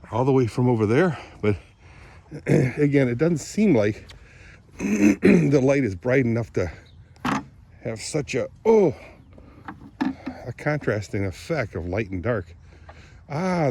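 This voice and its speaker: An older man talks into his phone while outdoors near the woods, musing aloud in an unhurried, meandering way. His voice is husky and breathy, he clears his throat often, and he sounds a little winded. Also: mid-range voice, dark tone. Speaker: vlogger. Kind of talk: casual morning vlog, thinking aloud outdoors.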